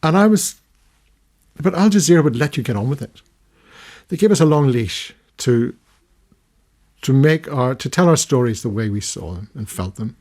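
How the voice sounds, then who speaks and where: An older man from the United Kingdom speaking as a radio interview guest, his voice husky and middle-pitched. He tells stories at length, growing animated, with frequent restarts as he searches for words. Recorded on a studio microphone. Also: moderate pace, long pauses. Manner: storytelling, animated when recounting, many restarts. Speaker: interview guest, retired documentary filmmaker. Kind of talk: long-form radio interview.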